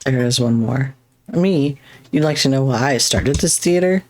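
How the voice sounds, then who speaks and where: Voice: medium pitch, normal speed, close to an everyday voice. A gamer voicing a wistful masked playwright. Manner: courteous, theatrical, softly melancholy. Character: masked theater playwright who tells only bad endings, theatrical and wistful.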